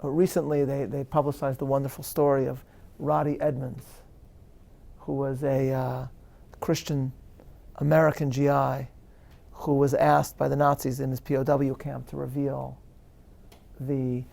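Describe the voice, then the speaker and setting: A man, a rabbi answering questions at a live interview, speaking in an earnest, measured lecture style with emphatic stresses and frequent restarts. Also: mid-range voice, flat delivery, vocal fry, mellow.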